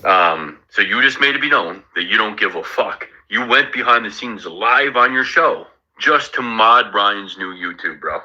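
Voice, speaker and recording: A man's voice: on the low side, expressive, a little slow, few pauses, bright, forceful tone. A man talking bluntly and profanely in casual heated stream chat. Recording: lo-fi muffled audio.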